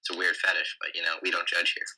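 A man's voice: low voice, completely flat delivery, fast talker, background noise. A young man chatting casually with friends, rambling with lots of fillers and jokes. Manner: rambling, many fillers, jokey. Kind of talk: casual chat among friends.

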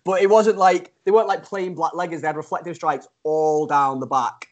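A young man with a slightly raised pitch, rattling through a comic anecdote. He talks in easy, rambling podcast chat, often breaks into laughter and pokes fun at himself. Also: fairly even intonation, fairly quick. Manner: chatty, laughs often, self-mocking. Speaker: podcast co-host. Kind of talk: casual storytelling chat.

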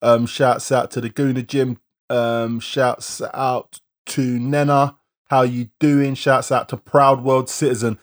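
A man's voice: medium pitch, little pitch movement. Chatty man co-hosting a podcast. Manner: chatty, reads out viewer shout-outs in a quick list. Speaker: podcast co-host. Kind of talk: casual live-stream podcast chat.

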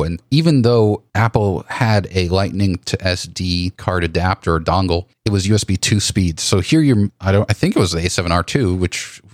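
A low-pitched man co-hosts a casual photography podcast, working his ideas out aloud with frequent restarts and repeated words. His voice sits close to a dry microphone with no room sound around it. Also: dry recording. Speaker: podcast co-host. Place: home office.

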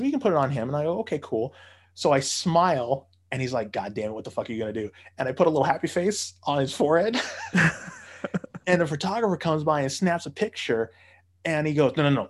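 Brief: male raconteur, mid-range pitch, swears freely, laughs through his own anecdotes. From United States. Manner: profane, laughing, mimics people in quotes. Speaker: podcast storyteller. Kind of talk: casual storytelling.

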